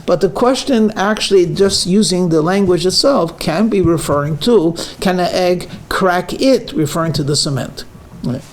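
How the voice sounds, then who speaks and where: It's a high-pitched male voice at ordinary speed: a rabbi in the middle of his weekly lecture. Through storytelling, jokes, and teaching, peppered with lots of fillers, he punches individual words to show listeners how emphasis can change meaning.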